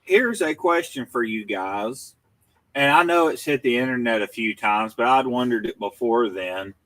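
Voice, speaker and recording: Man, co-host, dry teasing asides, mid-pitched, dry sound. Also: moderate pace, sharp tone, no room sound, far from the mic. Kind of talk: casual chat.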